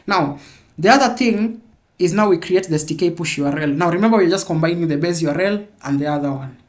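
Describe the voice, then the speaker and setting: A man's voice: on the high side, fast. A man teaching a live programming class, repeating points and checking in with "yeah?". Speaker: programming instructor.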